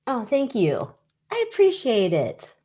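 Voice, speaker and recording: A woman's voice: fairly high pitch, huge pitch swings, unhurried, mellow, husky. A woman hosting a casual livestream, chatting bluntly and reading viewer comments. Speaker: livestream host.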